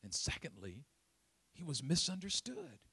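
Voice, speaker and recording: A man's voice: fairly high pitch, unhurried, gravelly, husky, dry recording. A man preaching a sermon as a pastor, telling stories with humor and laughing along the way. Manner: humorous, animated storytelling with laughs.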